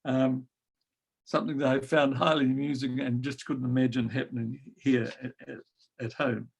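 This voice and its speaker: Older man telling wry stories, gravelly. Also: medium pitch, flat delivery, moderate pace. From New Zealand. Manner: gentle, wry storytelling with frequent ums. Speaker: guest storyteller. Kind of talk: reminiscing anecdote.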